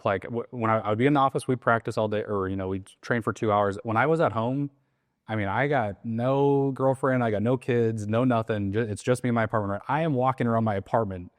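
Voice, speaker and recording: A man coaching on sales calls in a casual interview, animated and acting out softer and louder phone voices. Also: medium pitch, quick pace, no echo, clean studio sound. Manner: animated, acts out soft and loud sales calls. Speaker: sales trainer.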